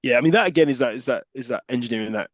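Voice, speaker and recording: A man chatting about a film on a podcast, in a mid-pitched voice. He trades dry jokes and throws in the odd swear word. His sound is dry and close. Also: very fast, no room sound. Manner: dry wisecracks, swears casually. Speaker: podcast co-host. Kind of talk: casual film chat.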